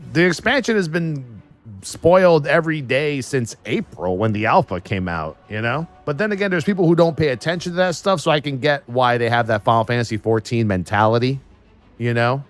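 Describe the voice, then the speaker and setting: A man's voice: mid-range voice, lively intonation, normal speed, soft background music. A man streaming live and riffing in a casual, profane and sarcastic way.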